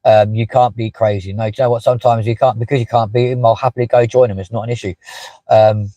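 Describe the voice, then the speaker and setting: A man's voice: mid-range voice, flat delivery, fast talker, dark tone, no room sound, dull audio. A man hosting a casual live stream from inside a parked car, chatting with many fillers and asides as he reads out viewer comments. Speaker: livestream host.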